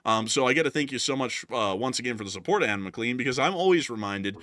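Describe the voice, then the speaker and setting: A man's voice: mid-range voice, animated, fast talker, fairly bright tone, no echo, clean studio sound. A man in his early twenties co-hosting a news livestream, earnestly thanking viewers with frequent fillers. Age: 20s. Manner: earnest, repetitive thank-yous, lots of fillers. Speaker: news channel co-host. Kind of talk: livestream chat, reading super chats.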